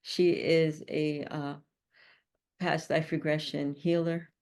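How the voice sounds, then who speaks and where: Low-pitched female host, casual and upbeat, quick to laugh. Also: flat delivery, a little mellow. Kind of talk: casual chat.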